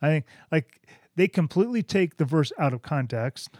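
A man's voice: on the high side, expressive, normal speed, darkish tone, dry recording, clean studio sound. A man co-hosting a church podcast, earnestly talking about scripture in casual chat. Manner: earnest, quotes scripture with a laugh.

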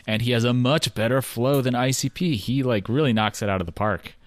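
A man's voice: medium pitch, fairly quick, no echo. A man co-hosting a casual podcast chat, loose and laid-back, reviewing songs. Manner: laid-back, loose, reads lyrics aloud. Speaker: podcast co-host.

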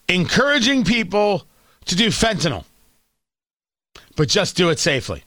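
A man's voice: sits high, pushed and bright, dry recording, clean studio sound. A man hosting an opinion talk show, ranting sarcastically and stammering as he gets worked up.

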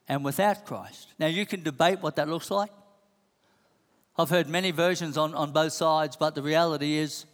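A man preaching a sermon, pressing the same questions again and again with emphasis. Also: on the high side. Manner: emphatic, repeats rhetorical questions. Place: church hall. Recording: long hall reverb.

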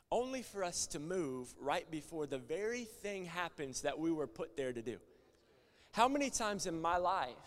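Animated man preaching in a reverberant hall. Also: high-pitched. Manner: animated, swings from loud to hushed. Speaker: conference speaker. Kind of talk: sermon.

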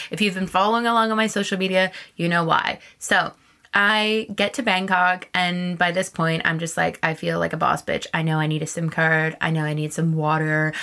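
Candid young woman storyteller. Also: deep voice. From Canada. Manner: animated and candid, swears freely. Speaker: podcast host. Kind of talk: casual storytelling monologue.

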